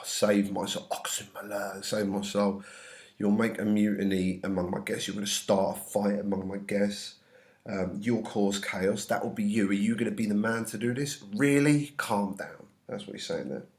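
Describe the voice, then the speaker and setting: A man's voice: on the low side, steady tone, normal speed, darkish tone. Man teacher explaining a play, casual. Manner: reads verse aloud then paraphrases in casual slang. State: slightly ill. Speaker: English teacher.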